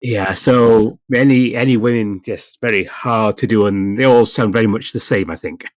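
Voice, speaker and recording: A man talking calmly and measuredly as a guest voice actor on a podcast, with dry humor. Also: fairly low pitch, normal speed. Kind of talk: casual roundtable chat.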